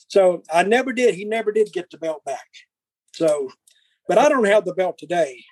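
This guest, an older man, spins casual, foul-mouthed, blunt tales and replays past arguments as back-and-forth dialogue. He talks briskly in a high, darkish voice with lively intonation, and the low-quality recording has no room sound.

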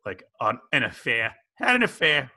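A middle-aged man hosting a loose, joking news podcast. His voice is bright and lively, swinging up and down as he talks. He keeps breaking into playful impressions. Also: mid-range voice, normal speed. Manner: playful, slips into exaggerated impressions. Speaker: podcast host. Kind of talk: casual comedic news chat.

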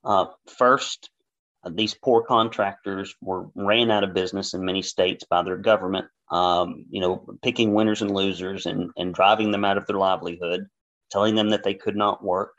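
Man, Southern accent, opinionated, low-pitched, muffled recording. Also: fairly even intonation, moderate pace, fairly bright tone. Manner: blunt, opinionated. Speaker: podcast guest, business educator. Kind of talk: podcast interview. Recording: dull lo-fi sound.

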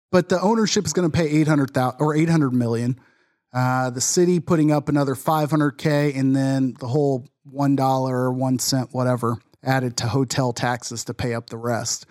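A man's voice: medium pitch, a little mellow, no room sound. A man from Arlington co-hosting a sports podcast, talking in a dry, sarcastic way. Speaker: podcast co-host. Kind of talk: casual sports podcast chat.

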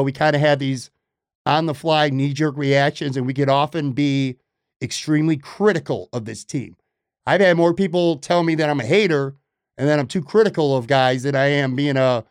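A man's voice: on the high side, clear, resonant tone, no echo, clean studio sound. A man hosting a sports podcast, delivering an emphatic, opinionated monologue that repeats points for stress. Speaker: podcast host.

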